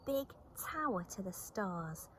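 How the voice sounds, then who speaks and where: A woman's voice: medium pitch, big pitch swings, takes it slowly. An eager little bear cub, put on by a woman reading aloud, earnest and childlike. The voice bounces around with plenty of lift. It's a storybook reading with a faint hiss behind it. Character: small eager young male bear cub.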